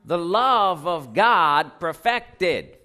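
A man's voice: sits high, big pitch swings, extremely slow, bright, forceful tone. A man preaching a sermon, reading scripture aloud and putting questions to his congregation.

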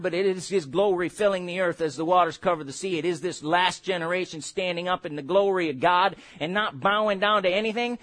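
Preacher, male, middle-aged, high-pitched, emphatic delivery that swings from quiet to shouting. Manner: emphatic, builds to shouted exhortations and quick asides. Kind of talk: sermon.

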